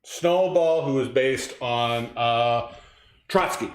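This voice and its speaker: A man co-hosting a comedy show, playfully quizzing his partner with animated line readings. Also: mid-range voice, slow pace. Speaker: co-host. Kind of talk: casual comedy banter, quoting pig characters. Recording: echoey room.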